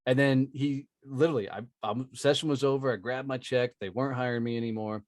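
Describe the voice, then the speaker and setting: This is a man in casual conversation, telling sales anecdotes with blunt, profane emphasis. His voice sits at an ordinary middle pitch. The sound is dry and close to the mic. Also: steady tone, brisk, no room sound. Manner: profane, emphatic, tag questions. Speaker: podcast guest, sales trainer. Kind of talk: casual storytelling.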